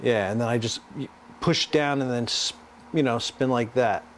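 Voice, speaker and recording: A man hosting a live art stream, explaining his work in a halting, rambling way with lots of restarts. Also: medium pitch. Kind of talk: casual live-stream chat while working.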